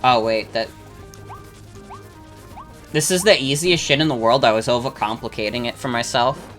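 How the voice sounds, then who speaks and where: A young adult streamer talks through a game session in a loose, filler-packed ramble, swearing freely and answering chat. The voice is bright and forward. Game music plays faintly underneath. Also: medium pitch, moderate pace. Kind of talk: casual chat while gaming, reading chat.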